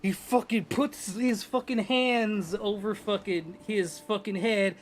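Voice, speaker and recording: Excitable swearing young male streamer. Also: sits high, takes it slowly, slight background noise. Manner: rambling, profane, excitable storytelling. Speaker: game streamer. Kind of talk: casual chat.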